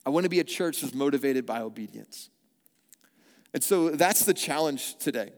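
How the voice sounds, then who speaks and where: A fairly high-voiced male pastor preaching in a church, his voice ringing out with long reverb around it. He tells his story with lively energy and drops to a hushed, slow tone when he prays. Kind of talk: sermon with storytelling and prayer. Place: church auditorium.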